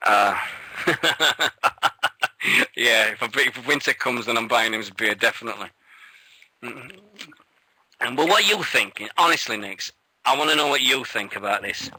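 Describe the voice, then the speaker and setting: A man co-hosting a radio show, rambling and excitable, swearing freely and sounding shaky with nerves. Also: mid-range voice, moderate pace, pauses often, no echo, low-quality recording. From England. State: nervous, shaky. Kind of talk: casual radio chat.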